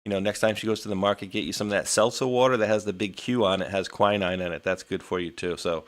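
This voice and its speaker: A man with a very low voice co-hosts a live talk stream, talking in a loose, rambling way full of restarts and asides. He sounds indignant as he chats about current events. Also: fairly even intonation, fast. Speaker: co-host of a weekly live show. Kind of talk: casual political chat.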